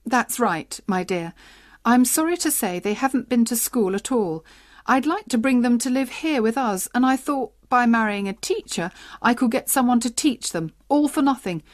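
A woman reading the part of a cheerful, excitable old husband in a simple storybook. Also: a little high, moderate pace, no echo, studio quality, voice pushed up, natural voice. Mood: confiding. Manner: jolly, excitable.

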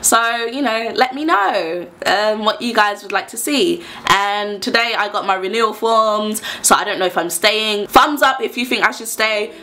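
Bright-voiced young woman. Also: medium pitch, normal speed, hardly any pauses. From London, England. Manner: chatty, laughs often while telling stories. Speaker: vlogger. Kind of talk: casual storytelling to camera.

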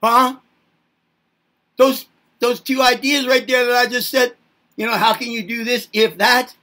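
A man with a very high, sharply bright voice talks through a loose self-help lecture. He rambles, keeps firing rhetorical questions at the listener and swears casually along the way. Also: flat delivery, measured pace. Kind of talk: informal lecturing monologue.

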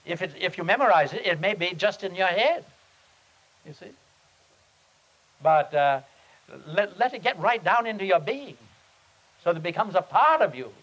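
A man, a pastor, teaching on prayer at a seminar and telling a story in an earnest, halting, unhurried way. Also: high voice, expressive, a bit bright, muffled recording. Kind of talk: sermon-style teaching with storytelling. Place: seminar meeting.

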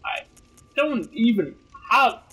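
A man playing through a video game, bursting into goofy exclamations. His voice sits high and bright, with big swings in pitch. He talks at an unhurried pace, and faint music plays behind him. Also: breathy edge. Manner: excitable, loud outbursts and goofy exclamations. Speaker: gaming commentator. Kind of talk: let's play commentary.

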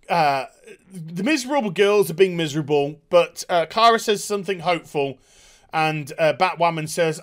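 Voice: medium pitch, lively intonation, moderate pace, fairly bright tone. A TV review host recapping an episode with sarcasm and open contempt, often stumbling over fillers and restarts and mocking the characters in put-on voices. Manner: frequent filler hesitations and restarts.

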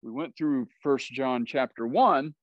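A man's voice: mid-range voice, unhurried, no echo, muffled recording. A man with a Southern US accent teaching a Bible study, explaining words and often checking in with "right?".

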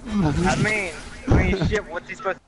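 A man's voice: high voice, normal speed, over loud music, rough recording. A young man playing a streamed game with friends, laughing, teasing and swearing in casual banter.

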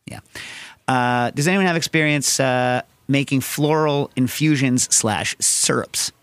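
A man's voice: medium pitch, a little slow, clear, resonant tone, no room sound. A man hosting a podcast, answering listener questions in a casual, rambling style full of tangents. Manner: rambling, tangent-prone, animated storytelling. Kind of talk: casual chat.

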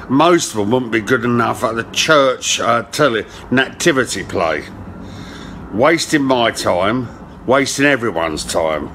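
An actor playing a rough-speaking, grumpy man who rants bluntly and swears, from a showreel clip. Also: lowish voice, a bit bright, a little hiss or hum.

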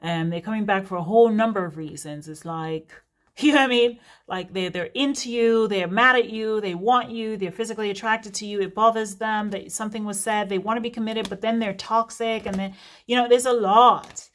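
A woman's voice: mid-range voice, fairly even intonation, fairly quick. A woman giving a casual, unscripted reading as a host, talking in a chatty, rambling way with frequent laughing digressions. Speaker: tarot reader.

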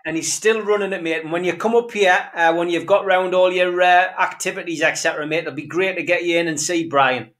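Male interviewer, chatty, slightly high voice. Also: fairly even intonation, a little fast, few pauses, fairly bright tone. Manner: friendly, chatty questions. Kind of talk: casual interview.

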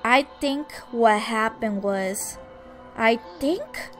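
A woman's voice: on the high side, very slow, a bit bright, faint music behind. A woman voicing a troubled young man who is insistently confronting a friend. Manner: insistent, emphatic.

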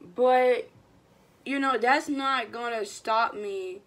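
A young woman, telling a storytime vlog in a slangy, animated, casual way and quoting what people said. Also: on the high side, slow. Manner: animated, slangy retelling with quoted voices. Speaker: vlogger.

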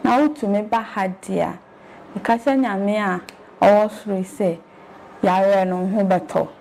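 A woman with a Ghanaian accent, a mother telling her story in a rambling, animated way as an interview guest. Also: mid-range voice, unhurried, creaky, slight background noise. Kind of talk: casual storytelling.

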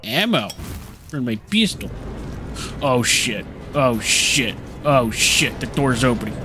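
A man's voice: medium pitch, slow, noisy background. A young man casually commentating his own gameplay, cursing and joking as he reacts. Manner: sweary, jokey, excitable reactions. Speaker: gaming channel host. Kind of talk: casual let's-play commentary.

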